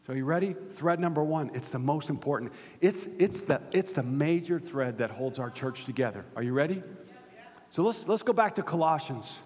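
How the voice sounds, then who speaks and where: A pastor preaching in a high, reaching voice, pushing to loud emphatic peaks and sinking to hushed asides. His sermon rings with a long reverb of a large hall. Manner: dynamic preaching, rising to loud emphatic peaks and dropping to near-whispers.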